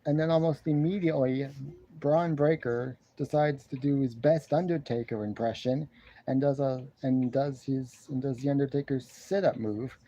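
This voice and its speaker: A man casually reviewing a wrestling show from his love seat at home, rambling and repeating himself while he clears a congested throat. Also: mid-range voice, steady tone, moderate pace, mellow, lo-fi sound. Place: living room at home, seated on a love seat. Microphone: camera in front of him.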